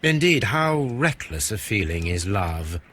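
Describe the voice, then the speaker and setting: A calm deducing detective. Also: male voice, fairly low pitch, a little hiss or hum. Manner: measured, precise. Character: calm deducing male detective, middle-aged. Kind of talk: game voice acting.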